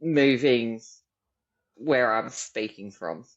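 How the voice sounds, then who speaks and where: A podcast co-host, chatting in a relaxed way and explaining things patiently. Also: mid-range voice, extremely slow. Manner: relaxed, explanatory, laughs along. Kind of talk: casual chat. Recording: dull lo-fi audio.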